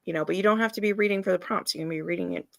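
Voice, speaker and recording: A woman's voice: on the low side, very fast, gravelly, no echo, clean studio sound. A woman hosting a casual livestream chat, emphatic and chatty, with ranting asides. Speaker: readathon host.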